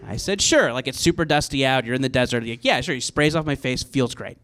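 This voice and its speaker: A man's voice: mid-range voice, fast talker, fairly bright tone, a little hiss or hum. A man in his thirties telling a comic story on stage at a live show, rambling and self-mocking with many fillers. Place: live show venue with audience.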